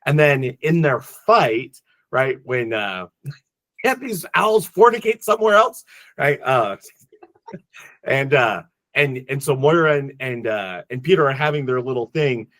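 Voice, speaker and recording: A man co-hosting a casual movie podcast, talking in halting bursts full of restarts, and openly emotional. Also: medium pitch, fairly bright tone, no room sound. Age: adult father. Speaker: podcast co-host.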